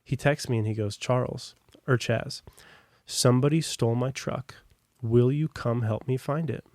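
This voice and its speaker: Young American guy, mid-pitched, guest telling a personal story off the cuff, full of asides, dry close sound. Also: moderate pace, a little mellow, dry recording. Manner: rambling, many fillers and asides. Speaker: podcast guest.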